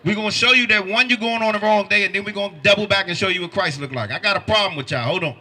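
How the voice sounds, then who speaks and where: A man's voice: high-pitched, racing. A man preaching on a city street, firing pointed questions at passersby. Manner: forceful, quizzes listeners with pointed questions.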